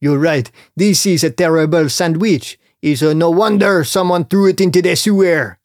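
Guy doing a french-canadian cockroach running a sewer shop, pushy and shouty, dry close sound. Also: fairly high pitch, no room sound, lightly acted. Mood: salesy. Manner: salesy, quick to scream in anger. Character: fussy male cockroach shopkeeper.

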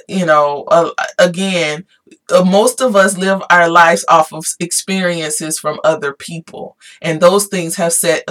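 A woman talking casually to her viewers, animated and emphatic, repeating her points and growing emotional at times. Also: medium pitch. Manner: animated, repetitive, emphatic, Southern-style "y'all". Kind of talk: casual motivational talk to viewers.

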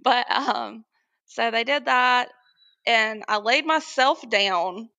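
A young woman candidly telling a personal story as a guest, animated and often laughing as she acts out what others said. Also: on the high side, slow, no room sound, lo-fi sound.

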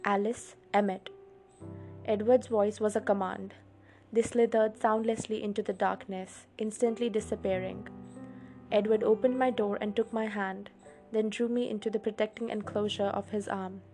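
A woman hosting a read-along show, reading a novel aloud with expressive storytelling. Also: medium pitch, moderate pace, faint music behind. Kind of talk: audiobook reading.

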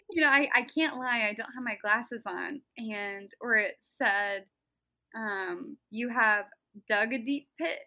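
A woman's voice: fairly high pitch, takes it slowly, bright, forceful tone, poor audio. A young woman co-hosting a casual Bible study podcast, bubbly and giggly as she explains the text. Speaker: podcast co-host.

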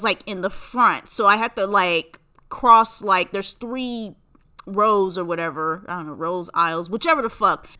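Profane, animated young woman ranting. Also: medium pitch. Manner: profane, animated, rambling rant. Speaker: podcast host. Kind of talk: casual storytelling monologue.

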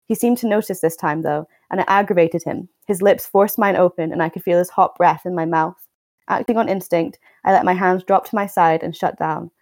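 A woman's voice: fairly low pitch, steady tone, a little fast, a little mellow, no echo. A young woman hosting a podcast, reading a novel aloud and then commenting with exasperated, wry remarks. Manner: wry, exasperated, stumbles and restarts while reading. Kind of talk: book reading and casual commentary.

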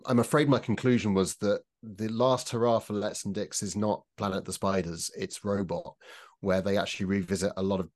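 A man with a somewhat low voice talking in a relaxed panel podcast. He weighs his points carefully and criticises in a measured way, often restarting his sentences. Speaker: podcast co-host. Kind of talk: casual panel discussion.

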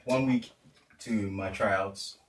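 A young man from the UK telling a story in casual chat, animated and acting out what people said. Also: on the low side, slow pace, slight background noise. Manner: animated, acts out quotes, lots of slang fillers. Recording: roomy, distant mic.

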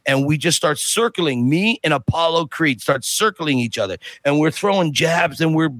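A middle-aged man, a podcast guest, telling a long story in a lively way and acting out what people said. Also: fairly high pitch, normal speed, no echo. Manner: lively, acts out other people's lines while telling. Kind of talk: animated anecdote telling.

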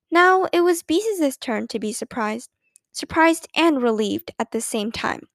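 A woman narrating a children's book aloud in a gentle, expressive way. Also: high voice, measured pace, no room sound.

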